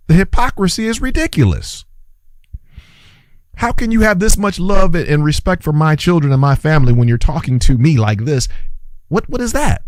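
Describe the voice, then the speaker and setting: A man's voice: on the high side, no echo. A man hosting an impassioned opinion monologue, preachy and urgent, repeating his phrases for emphasis and calling his listeners brothers and sisters. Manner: urgent, exclaiming. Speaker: host and commentator.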